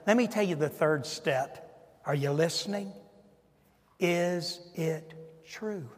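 A man's voice: fairly high pitch, takes it slowly, in a large hall. A male pastor preaching a sermon, stressing his points and asking the congregation rhetorical questions.

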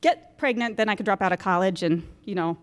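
A woman in her fifties, a guest speaker at a moms' group, gives a candid personal talk to mothers gathered in a church gym. Her mid-range voice is brisk and clean, the room sounds big, and she pokes fun at herself and laughs often.

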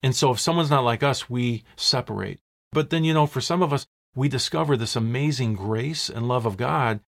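A male pastor delivers a sermon with an emphatic, earnest drive. He keeps posing rhetorical questions to his listeners and draws out key words slowly for weight. His voice sits at an ordinary middle pitch for a man. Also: creaky, fairly bright tone.

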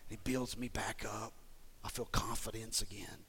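A man preaching a sermon as pastor, moving between hushed whispers and loud, fervent exhortation, repeating phrases and stumbling over restarts. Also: fairly low pitch, fairly even intonation, normal speed, slight background noise.

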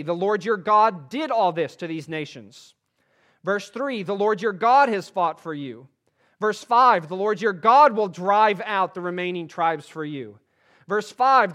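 A pastor with a high-sitting voice preaches a sermon, reading scripture with emphasis. He then drops to a quieter, earnest tone to urge his listeners.

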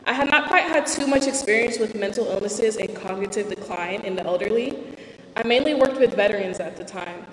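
A woman's voice: medium pitch, echoey room, in a large hall, a little hiss or hum, low-quality recording. A young woman reading out a candid, self-deprecating personal talk about faith and her own life. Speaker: speaker giving a personal testimony.

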